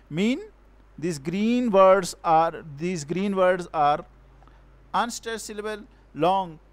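A male teacher giving a recorded poetry lecture, talking slowly and haltingly, restarting words and sounding out syllables and stresses aloud. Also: high-pitched, no echo. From Pakistan.

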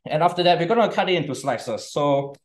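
A man's voice: fairly high pitch, expressive, brisk. A young man giving a casual cooking demonstration, chatty and often checking in with "okay?". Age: young adult.

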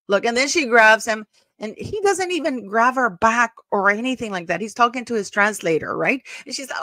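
A woman's voice: fairly high pitch, pushed and bright, no echo. A woman hosting a commentary channel, talking casually and emphatically over footage, gossipy and prone to repeating herself.

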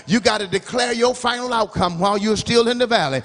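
A middle-aged man preaching a revival sermon in a church, rising to shouted, half-sung climaxes. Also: high voice, fairly quick. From United States. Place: large church sanctuary. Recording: church hall reverb.

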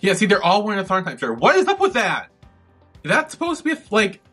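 Excitable man with a bright, animated voice. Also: high-pitched, fast, slightly rough, faint music behind. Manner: excitable, exclamatory, swears freely. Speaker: reaction video host. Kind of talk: casual reaction commentary.

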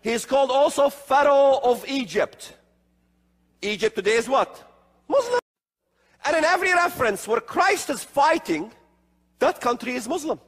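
A man's voice: very high-pitched, lively intonation, moderate pace, a bit bright. A man giving an emphatic religious lecture, firing rhetorical questions with sarcastic asides. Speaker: religious speaker. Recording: long hall reverb.

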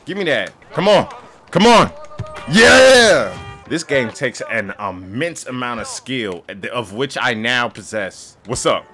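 A young man gaming on camera and commentating his soccer match, joking, trash-talking the players and breaking into sudden yelling outbursts. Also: mid-range voice, animated, unhurried, hardly any pauses, faint music behind. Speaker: gaming YouTuber. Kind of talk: playing a soccer game and commentating.

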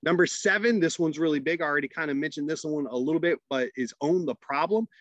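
A man's voice: on the high side, quick pace, no echo, lo-fi sound. A chatty male instructor saying "right?" a lot. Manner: conversational, frequent "right?" tag questions. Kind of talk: webinar lecture.

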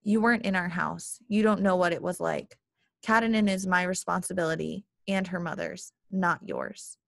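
A woman voicing a middle-aged father who speaks low, calm and earnest. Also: moderate pace, gravelly, no room sound, studio quality. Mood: firm.

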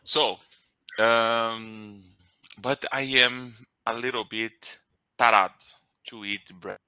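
A man from Brazil with a Brazilian Portuguese accent, speaking English as a second language on a video call, halting and correcting himself as he hunts for words. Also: lowish voice, fairly even intonation, pushed and bright, clean tone, dry recording. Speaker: English learner. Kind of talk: casual chat in an online lesson.

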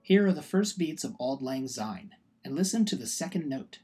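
A man teaching music theory in a scripted video lesson, explaining clearly and steadily and chanting rhythm syllables. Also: on the high side, very animated, normal speed. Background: music playing.

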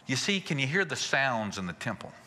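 A male pastor preaching a sermon in a folksy way, asking rhetorical questions and chuckling softly. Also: medium pitch, very animated, fairly quick, in a large hall, a little hiss or hum.

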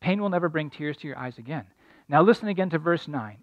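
A man's voice: fairly high pitch, lively intonation, fast, no echo, dull audio. A middle-aged man preaching a sermon as pastor, telling a story earnestly and building to emphatic points.

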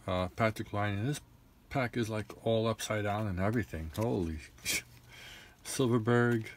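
A young man with a fairly low voice, reeling off names as he opens packs and grumbling between them. His delivery is casual and exasperated, with a faint hiss of room noise behind him. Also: measured pace. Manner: rattles off names, frustrated and grumbling. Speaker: card collector opening packs. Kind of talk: casual card-opening commentary.

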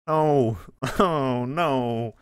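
A man's voice: medium pitch, extremely slow, clear, resonant tone. A young man streaming a game, chatting and reacting with yelps and laughs. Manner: excitable, swings into loud yelps and laughs. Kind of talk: gaming stream commentary.

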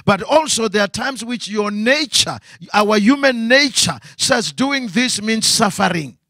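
A man's voice: high-pitched, expressive, measured pace, pushed and bright, dry recording, studio quality. A man preaching a sermon as pastor, asking rhetorical questions and repeating phrases.

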